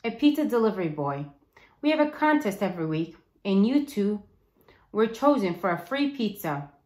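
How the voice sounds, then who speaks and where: A woman voicing a calm, friendly boy. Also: medium pitch, moderate pace, roomy sound, lightly acted. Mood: easygoing.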